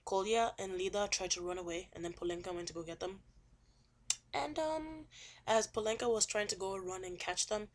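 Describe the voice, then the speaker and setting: A woman's voice: medium pitch, moderate pace. A young woman casually retelling a novel chapter in a chatty, rambling way, full of fillers and repeats. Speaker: student summarizing a novel chapter. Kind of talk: casual spoken book summary.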